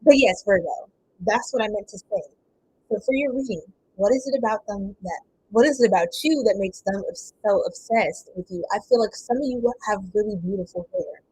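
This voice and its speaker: A woman reading tarot cards on a casual livestream, chatting with viewers, laughing often and breaking into bits of song, with a voice strained from not warming up. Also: medium pitch, a little fast, breathy edge, dry recording, low-quality recording. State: voice a bit strained, not warmed up. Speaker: tarot reader.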